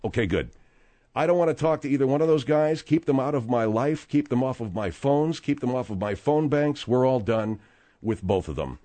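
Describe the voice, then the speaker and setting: Male sports radio host, lively and rambling, dry close mic. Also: medium pitch, moderate pace, no echo. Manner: animated, rambling, with frequent restarts. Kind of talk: sports talk radio banter and news reading.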